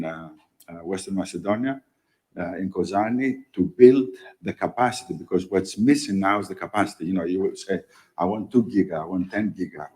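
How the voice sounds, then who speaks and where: A man speaks in a very low voice, answering questions on a panel as a company executive. He talks haltingly, full of fillers, and drives his points home with tags like "okay?". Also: darkish tone, low-quality recording. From Greece.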